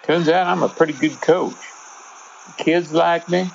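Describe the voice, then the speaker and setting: A man narrating a first-person story in a relaxed, conversational way. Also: fairly high pitch, a little slow, creaky, a little hiss or hum. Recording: dull lo-fi with faint music.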